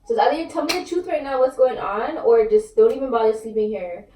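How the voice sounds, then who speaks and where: A woman's voice: fairly high pitch, fast talker, mellow, recorded from a distance. A young woman angrily confronting her husband at home, cursing and full of slang. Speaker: wife confronting her husband in a prank video. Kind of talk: heated home argument, swearing. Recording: echoey room, voice from across the room, faint noise.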